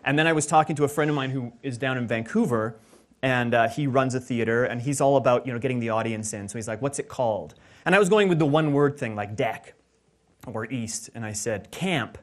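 Animated young actor, casual interview storyteller who acts out quotes. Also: male voice, mid-range voice, brisk. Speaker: actor and playwright.

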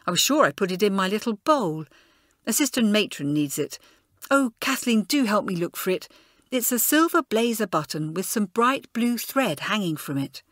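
A woman's voice: medium pitch, very animated, normal speed, a bit bright, dry recording, clean studio sound. A woman voicing a hot-tempered, spirited schoolgirl who speaks crossly and indignantly.

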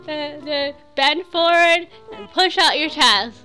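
Bright, giggly woman streamer. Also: high voice, lively intonation, slow, faint music behind. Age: 30s. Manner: giggly, rambling, swears freely. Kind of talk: casual live gameplay chat.

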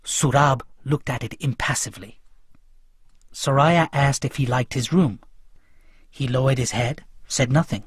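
A man reading a novel aloud as a first-person audiobook narrator, in a quiet, restrained way. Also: fairly high pitch, breathy edge, no echo, clean studio sound.

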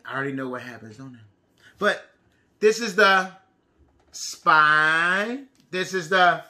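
A man teacher who reads a picture book aloud to young children, speaking slowly and deliberately and asking them questions. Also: sits high, pushed and bright.

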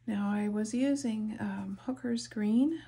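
A soft-spoken woman narrating a painting tutorial, her voice dropping to whispers as she concentrates. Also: mid-range voice, slow pace, gravelly, slightly rough. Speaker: art instructor.

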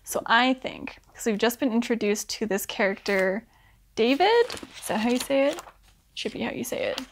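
A young woman chatting casually about a book she is reading, with lots of "like" and quick acted-out asides. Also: fairly high pitch, slight background noise. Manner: chatty, full of "like", acts out characters in quick asides. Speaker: book vlogger. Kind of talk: casual rambling book review. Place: indoors at home.

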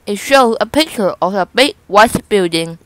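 A woman reading a children's picture book aloud in a slow, careful manner. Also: mid-range voice, lively intonation, dry recording, rough recording. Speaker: storybook reader.

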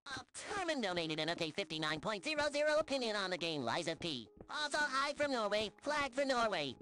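A synthetic woman's voice reads viewer donations aloud on a livestream. The delivery is flat and machine-like, the same even tone for every message. Faint music plays underneath. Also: medium pitch, brisk. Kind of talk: text-to-speech reading of donation messages.

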